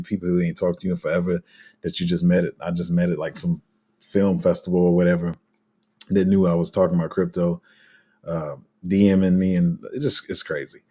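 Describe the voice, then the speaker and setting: A man's voice: low-pitched, mellow, husky. A man hosting a crypto channel, talking casually to viewers in a loose, rambling way with many fillers and restarts. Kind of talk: casual unscripted commentary to viewers.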